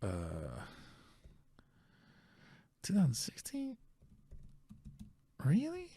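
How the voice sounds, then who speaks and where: Male podcast host, slightly high, gravelly voice, dry close sound, rambling self-correcting storyteller. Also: huge pitch swings, drawn-out words, dark tone, dry recording. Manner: rambling, corrects himself, checks facts aloud. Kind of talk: casual storytelling.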